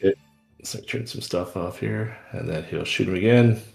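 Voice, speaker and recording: A man's voice: low-pitched, moderate pace, vocal fry, darkish tone, soft background music. A man playing an online tabletop game, planning his character's moves aloud. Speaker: player.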